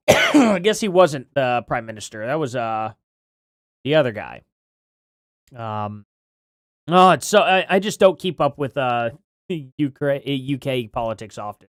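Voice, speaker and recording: A man's voice: mid-range voice, expressive, a little slow, pauses often, dry recording, clean studio sound. A male live-stream host chatting casually, thinking aloud and rambling with questions to himself and his chat.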